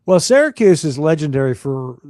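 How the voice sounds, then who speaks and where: A man's voice: fairly high pitch, sing-song, brisk, mellow, dry recording, clean studio sound. A man in his fifties hosting a casual interview, asking eager questions like an enthusiastic fan. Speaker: podcast host.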